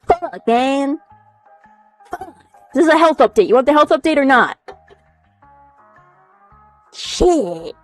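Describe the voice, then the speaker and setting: A young woman streaming from home in casual chat, animated, swearing a lot and laughing often as she reacts to chat. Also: sits high, slow, long pauses, soft background music. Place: home room.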